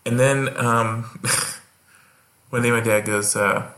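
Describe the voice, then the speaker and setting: A bright, forceful male voice running a loose comedy chat, tripping over his own restarts as he rambles into a story. The room around him rings with echo. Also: mid-range voice, fairly even intonation, drawn-out words. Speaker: podcast host.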